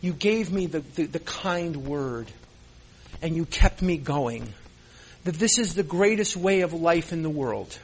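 A man's voice: on the high side, expressive, a little slow, breathy edge. A man speaking to a recovery meeting in an earnest, emotional way, repeating phrases for emphasis and holding back tears. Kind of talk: impassioned speech to a meeting.

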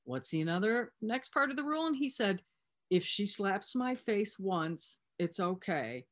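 A woman's voice: mid-range voice, very animated, measured pace. A woman speaking as a recovery sponsor, telling a personal story in a conversational way and retelling back-and-forth dialogue. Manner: conversational, with fillers and restarts.

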